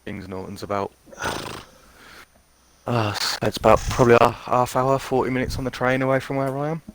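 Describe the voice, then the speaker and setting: A man's voice: medium pitch, level tone, moderate pace, creaky, a little hiss or hum. A man with a Birmingham accent co-commentating a sim race, chatting in a laid-back, self-deprecating way. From Birmingham, England. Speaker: co-commentator and driver. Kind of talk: casual banter.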